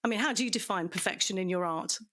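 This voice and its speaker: A woman hosting a podcast in casual chat, effusive and quick to laugh. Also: fairly low pitch. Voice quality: chatty, laughs often, warm and effusive. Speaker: podcast host.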